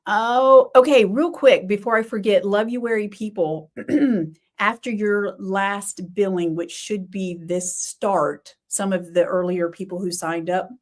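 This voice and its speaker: A middle-aged woman hosting a knitting podcast, chatting casually and thinking aloud with quick exclamations. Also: fairly low pitch, darkish tone. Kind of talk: casual livestream chat.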